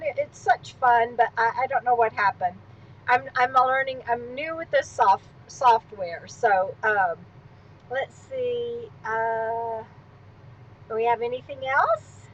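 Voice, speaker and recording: A woman with a slightly high voice hosts a casual livestream from home, perched on a swivel stool. She speaks unhurriedly and rambles, drifting into asides, and the audio sounds dull.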